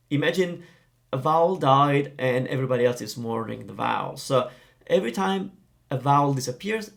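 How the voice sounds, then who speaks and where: A man teaching Italian grammar, explaining in a lively, playful way. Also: on the high side, creaky.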